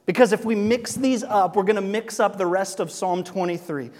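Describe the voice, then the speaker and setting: A middle-aged man preaching in a church, his voice pitched high and carrying a long hall reverb. He talks in a lively, conversational way, breaking into asides and chuckles between points. His speed and loudness shift a lot from line to line. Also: normal speed. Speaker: pastor. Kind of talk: sermon. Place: church sanctuary.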